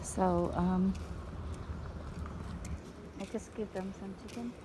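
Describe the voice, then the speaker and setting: A woman speaks in simple, unpolished English while feeding strays outdoors at a pagoda, often slipping into a cooing, coaxing tone with the animals. Her voice sits at a middle pitch and moves at a slow, unhurried pace. Steady outdoor noise runs behind her. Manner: simple non-native English, coaxing baby talk to animals. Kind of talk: casual vlog commentary.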